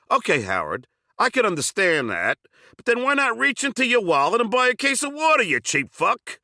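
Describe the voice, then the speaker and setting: A man's voice: on the high side, bright, forceful tone, no room sound, studio quality. A man reading his own memoir aloud, telling crude and sarcastic stories. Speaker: memoir narrator.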